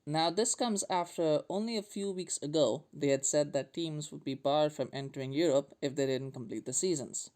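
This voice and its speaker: Man, podcast host, comedic monologue, sarcastic, jokey, slightly high voice. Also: normal speed, few pauses, a little mellow.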